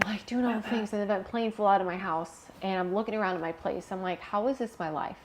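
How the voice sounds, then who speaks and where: A young woman guest telling a personal story in a candid interview, animated and emotional, laughing at times. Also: medium pitch, a little hiss or hum.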